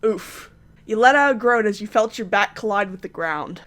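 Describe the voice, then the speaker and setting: A woman's voice: mid-range voice, animated, normal speed, fairly bright tone. A young woman playing a story game, reading it aloud and making chatty, self-mocking comments. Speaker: gamer.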